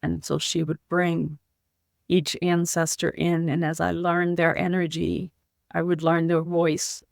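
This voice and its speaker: A woman shares her own story as a podcast guest, speaking earnestly and from the heart. She talks in short, halting phrases with a strong gravelly fry running through her voice. The sound is dry and close, with no room around it. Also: deep voice, no room sound. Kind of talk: personal story told in an interview.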